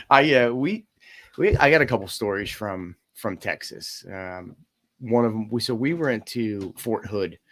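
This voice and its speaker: A man with a somewhat low voice reminisces in an easygoing manner. His speech is loose and scattered with fillers. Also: lively intonation, takes it slowly, a bit bright, slight background noise. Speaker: Marine reserves veteran. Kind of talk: casual conversation.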